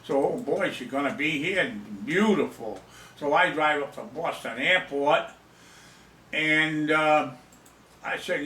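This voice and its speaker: Rambling older man, bright, in an echoey room. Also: fairly high pitch, slow, far from the mic, slight background noise. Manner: rambling, self-mocking, repeats himself. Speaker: storyteller. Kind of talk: casual storytelling. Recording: echoey room, away from the mic.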